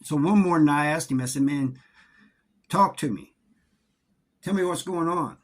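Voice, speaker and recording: Husky man telling a prison story. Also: fairly high pitch. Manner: halting, repeats words, drawling Southern-sounding grammar. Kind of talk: casual storytelling.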